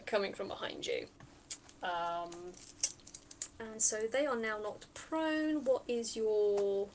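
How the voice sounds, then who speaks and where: A woman with a fairly high voice runs a tabletop game as game master. She is chatty and thinks out loud, filling her narration with ums and small asides. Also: a little hiss or hum. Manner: chatty, thinks aloud, many fillers.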